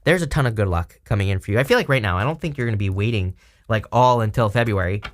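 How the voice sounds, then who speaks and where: A man's voice: lowish voice, animated, fast. A man giving a casual tarot reading, rambling and chatty with lots of fillers. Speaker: tarot reader.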